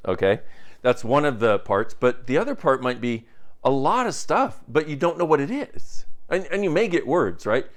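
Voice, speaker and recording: A tired man giving a rambling, jokey, casual update straight to camera as a self-help teacher, often breaking off mid-thought. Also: mid-range voice.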